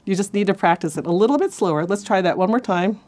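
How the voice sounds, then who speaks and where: A woman's voice: mid-range voice, lively intonation, quick pace. A woman teaching a cello lesson, counting beats aloud and encouraging her students. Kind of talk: instructional lesson. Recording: cello playing behind. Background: faint cello music.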